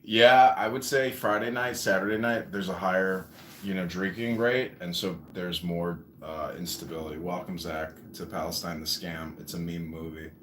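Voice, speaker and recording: A man hosting a casual livestream chat, joking and offhand, often clearing his throat. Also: deep voice, steady tone, normal speed, echoey room, noisy background. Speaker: host.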